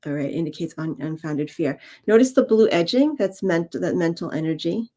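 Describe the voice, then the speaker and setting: A woman co-hosting a spiritual livestream and reading cards in casual chat over a video call, laughing easily and talking in halting phrases. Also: lowish voice, expressive, mellow. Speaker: co-host and card reader.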